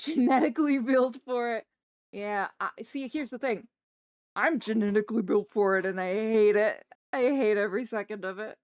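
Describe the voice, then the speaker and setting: A woman's voice: medium pitch, clean tone, no room sound, clean studio sound. Chatty young Canadian woman streamer. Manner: chatty, rambling, self-correcting with frequent laughs. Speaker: livestreamer. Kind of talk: casual chat with viewers. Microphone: streaming microphone.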